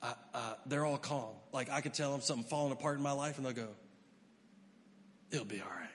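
A middle-aged male pastor giving an emphatic sermon, swinging from loud to hushed. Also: mid-range voice, fairly even intonation, fast, a little hiss or hum. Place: church hall. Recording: long hall reverb.

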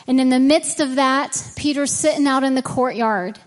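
A woman's voice: high-pitched, moderate pace, big-room sound. A woman preaching a sermon in a church, reading scripture and praying, earnest and conversational. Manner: earnest and conversational, acting out quoted dialogue. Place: church sanctuary.

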